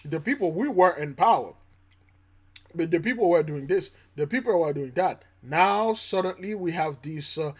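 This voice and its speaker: A man hosting his own channel, giving preachy reaction commentary, emphatic and repetitive, swinging between loud and soft. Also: on the high side, animated, moderate pace. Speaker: channel host.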